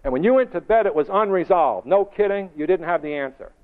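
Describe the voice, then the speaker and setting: A man giving a motivational seminar to a live audience, emphatic and full of rhetorical questions, slowing and quickening for effect. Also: high voice, animated. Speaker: motivational speaker. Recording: dull lo-fi recording.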